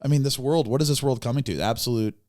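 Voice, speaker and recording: A man's voice: mid-range voice, fast talker, a little mellow. A worn-out man co-hosting a podcast, joking around in casual banter. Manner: laid-back, joking, says "dude" a lot. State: tired, worn out. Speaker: podcast co-host.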